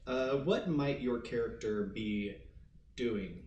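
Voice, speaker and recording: A man's voice: medium pitch, slow pace, darkish tone, highs cut off. A man narrating a tabletop game as game master, loose and chatty with many fillers. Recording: roomy, distant mic, faint noise.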